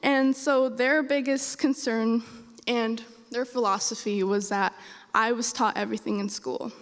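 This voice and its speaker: A woman's voice: on the high side, fairly even intonation, measured pace. A young woman and college student, first language Spanish, telling a personal story on stage and animatedly acting out the dialogue. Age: young adult. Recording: reverberant hall.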